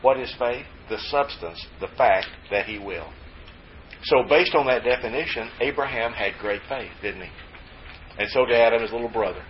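Male preacher, folksy and joking, mid-pitched voice, slightly muffled recording with faint room hum. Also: moderate pace. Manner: folksy, joking asides, lively emphasis. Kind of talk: sermon.

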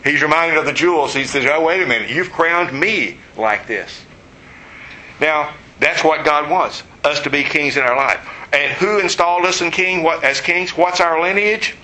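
Bright-voiced preacher teaching a sermon. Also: male voice, on the high side, normal speed, rough recording. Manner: conversational, explanatory, joking asides.

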